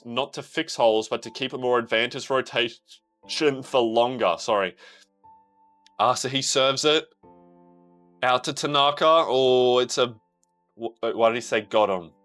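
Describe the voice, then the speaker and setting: An excitable young man talks through a manga chapter, reading the panels aloud and cursing freely. His voice sits at a middle pitch, and he keeps breaking into sudden shouts. Faint music plays softly behind him. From Australia. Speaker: manga reaction creator. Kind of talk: casual reaction commentary, reading manga aloud.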